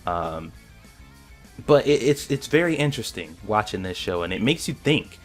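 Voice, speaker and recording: A man giving casual reaction commentary on an anime episode, excited and rambling, often restarting his sentences. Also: lowish voice, normal speed, faint music behind.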